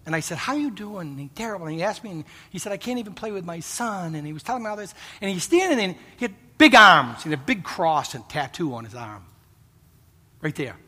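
Man, preacher, bright tense voice, long hall reverb, earnest storytelling sermon. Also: high-pitched, big pitch swings, fast talker, breathy edge. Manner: storytelling, earnest pleading with laughs.

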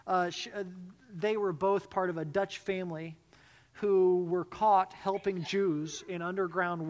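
A woman preaching a sermon, talking slowly and hesitantly with fillers, then reading a story aloud. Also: lowish voice. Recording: long hall reverb.

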